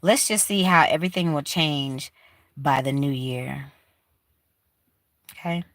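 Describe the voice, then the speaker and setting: A woman's voice: deep voice, slow pace, dry recording. A woman hosting a livestream, talking to her viewers in a heartfelt, emphatic way. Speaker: livestream host. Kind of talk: casual livestream chat. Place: rented room in a shared house.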